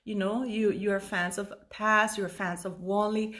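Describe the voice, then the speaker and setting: A woman's voice: medium pitch, little pitch movement, unhurried, fairly bright tone. A woman in her fifties giving a rambling, emotional commentary monologue, tired and full of restarts and fillers. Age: 50s. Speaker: YouTube commentator.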